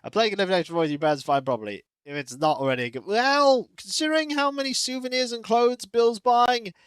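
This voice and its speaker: A streamer giving relaxed, chatty commentary while playing a cozy game. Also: mid-range voice, fast talker, clean tone, no room sound, studio quality. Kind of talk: casual gaming commentary. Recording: faint game music behind.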